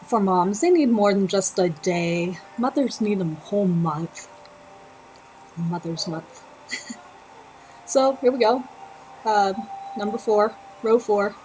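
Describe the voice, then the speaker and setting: A woman's voice: medium pitch, a little hiss or hum, low-quality recording. A woman hosting a knitting livestream, chatting and laughing as she tells a personal story. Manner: chatty and animated, laughing often. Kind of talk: casual storytelling while knitting.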